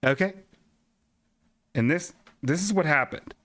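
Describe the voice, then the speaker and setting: A man's voice: fairly high pitch, big pitch swings, a little slow, pauses often, fairly bright tone, dry recording. A man hosting a comedy podcast in character, telling a rambling story with an exaggerated, self-naming delivery. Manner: rambling, exaggerated, repeatedly names himself.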